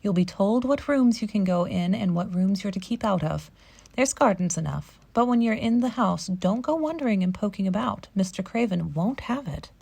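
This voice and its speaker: A woman voicing a stern, brisk middle-aged housekeeper with a Yorkshire accent, giving firm matter-of-fact instructions. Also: mid-range voice, expressive, vocal fry, darkish tone, breathy edge, no room sound.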